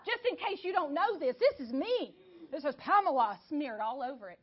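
A woman teaching a sermon, telling the story with animated rhetorical questions. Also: high voice, moderate pace, lo-fi sound. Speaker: Bible teacher.

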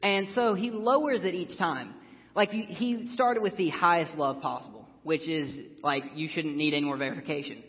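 A young man with a fairly high voice delivers a casual, earnest sermon, filling his sentences with "like" and "uh". The sound is a little dull, and a long hall reverb trails behind each phrase. He talks plainly and personally rather than in a polished preaching manner. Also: normal speed. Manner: earnest, casual, filler-heavy. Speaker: church speaker.

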